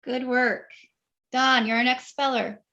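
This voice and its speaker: High-pitched woman, spelling bee host on a video call, courteous and encouraging. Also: flat delivery, slow pace, sharp tone, dull audio. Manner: polite, apologetic, encouraging. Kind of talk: reading words on a video call.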